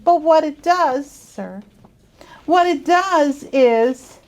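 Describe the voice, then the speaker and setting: Slow, high-pitched woman teaching a class. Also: darkish tone, lo-fi sound. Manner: slow, drawn-out, coaxing questions. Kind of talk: classroom phonics lesson. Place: elementary school classroom.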